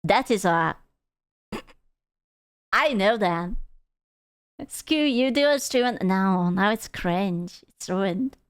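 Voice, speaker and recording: A young adult woman streamer giving casual reaction commentary, animated and exclaiming with quick asides. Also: mid-range voice, smooth, no room sound. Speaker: VTuber streamer.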